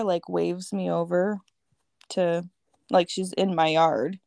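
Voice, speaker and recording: A woman's voice: on the low side, steady tone, a little slow, gravelly, a little mellow, no echo. A woman with a lilt tells a long, profane story in loose podcast chat. She jumps into other people's voices as she goes, and the sound is close and dry. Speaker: podcast guest. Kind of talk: casual storytelling.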